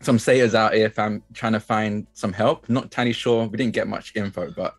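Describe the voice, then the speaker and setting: A man's voice: fairly low pitch, fairly even intonation, a little fast, no echo. A man voicing a fantasy adventurer with a full Essex roadman accent and slangy, laid-back street talk. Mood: chill.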